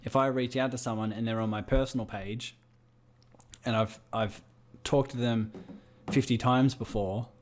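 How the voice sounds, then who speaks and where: Brief: Australian male business coach, mid-pitched, on a video call, keeps asking the group rhetorical questions. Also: steady tone, moderate pace.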